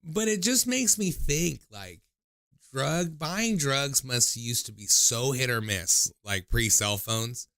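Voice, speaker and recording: A young man hosting a livestream with call-ins tells stories in a casual, profane, rambling way packed with fillers, putting on high voices when he quotes people. He sounds expressive, pushed and bright, taking it slowly, in a clean studio recording with no echo.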